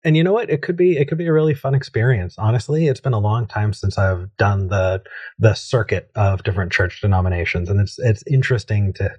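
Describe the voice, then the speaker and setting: A man's voice: lowish voice, fairly quick, darkish tone, slightly rough. A man hosting a call-in show, giving easygoing advice and thinking aloud with frequent restarts.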